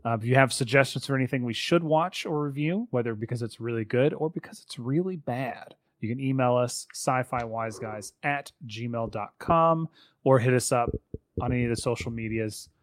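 A man co-hosting a podcast in casual chat, rambling with quick asides. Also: medium pitch, dry recording. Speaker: podcast co-host.

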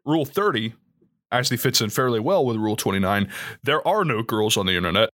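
Young male podcast co-host, bright tone, very animated delivery, casual and jokey. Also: mid-range voice, fast talker. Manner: animated, reads rules aloud with jokey asides. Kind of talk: casual chat.

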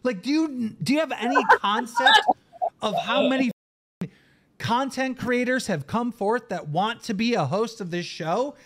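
A man's voice: very high voice, unhurried, background noise. A man hosting a live podcast stream, ranting in exasperation and swearing emphatically. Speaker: podcast host. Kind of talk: heated live-stream rant.

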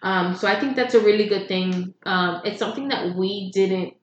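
A woman's voice: medium pitch, moderate pace, roomy sound, lo-fi sound, slight background noise. A woman co-hosting a podcast, chatting casually while a little tipsy, with lots of fillers. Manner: tipsy, relaxed, many fillers. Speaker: podcast co-host. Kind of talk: casual chat.

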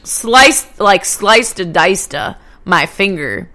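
A young woman co-hosting a casual chat podcast, animated and swearing freely. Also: mid-range voice, takes it slowly. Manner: animated, swearing, laughs often. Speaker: podcast co-host.

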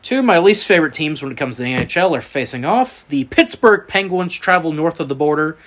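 A man's voice: a little high, expressive, a little fast, fairly bright tone. A man with a Southern US accent hosting a casual sports podcast, reading out matchups and bantering. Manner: reads out matchups, then banters. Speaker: podcast host.

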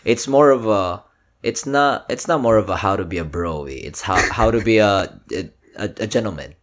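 Low-voiced young man, swears a lot. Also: normal speed. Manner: excitable, swears often, stammers. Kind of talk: casual chat.

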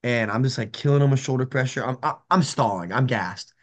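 A man's voice: medium pitch, fairly quick. A man, an MMA fighter co-hosting a podcast, telling fight stories in casual chat and acting out the quotes with laughter. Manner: animated, laughing storyteller, acts out quotes.

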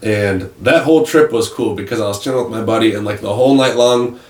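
A man's voice: lowish voice, fast, recorded from a distance. A young man, a podcast co-host, telling a long rambling story in casual chat and swearing freely. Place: attic room. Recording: roomy echo, off mic.

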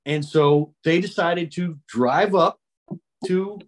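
A man's voice: a little high, slow pace, slight background noise. A man telling a story in a casual podcast chat, restarting his sentences and repeating words as he goes. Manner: rambling, repeats words, acts out quoted voices.

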